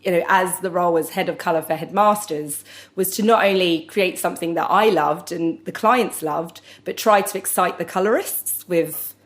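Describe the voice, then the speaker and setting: A woman's voice: on the low side, moderate pace. Chatty woman, salon colourist guest. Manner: chatty, many fillers, laughs often. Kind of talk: casual interview chat.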